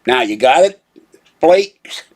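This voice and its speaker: A man with a slightly low voice vents at his computer, sounding fed up and annoyed. He rambles from one complaint to the next in a loose, casual video chat, picked up by the mic on his desktop setup. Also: animated, moderate pace, slightly rough. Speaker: channel host. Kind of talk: casual live video rant.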